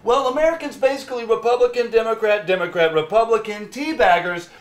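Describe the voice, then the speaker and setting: A man with a high voice delivers mock news commentary with pompous, self-assured confidence. He reels off lists of words as if they explained everything. The room adds a noticeable echo. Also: quick pace. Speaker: comedy news co-anchor.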